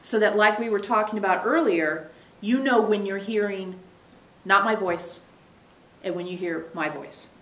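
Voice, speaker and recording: A woman channeler speaking as "we" for a spirit group, giving an emphatic, animated teaching to a small live audience. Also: medium pitch, measured pace. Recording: echoey room.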